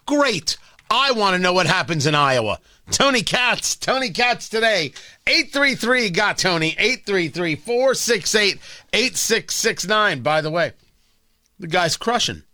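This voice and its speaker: A sarcastic male talk radio host with a high, bright, ringing voice. His pitch leaps around as he hammers each point, recorded dry and close in the studio. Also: unhurried, no room sound. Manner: sarcastic, emphatic, animated delivery. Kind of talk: opinionated talk radio monologue. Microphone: studio microphone.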